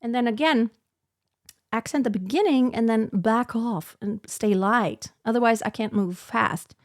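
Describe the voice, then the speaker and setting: Recorded dry and at studio quality, a lyric coloratura soprano who teaches singing narrates her own aria practice, thinking aloud. Speaking unhurriedly in a slightly high voice, she is hard on herself and breaks off into short sung demonstrations.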